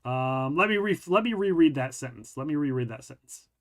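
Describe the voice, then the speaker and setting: Male podcast host, a bit high-pitched, casual reader who stumbles and restarts sentences. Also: expressive, a little fast. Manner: stumbles and rereads while reading aloud. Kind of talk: casual chat and reading a news article aloud.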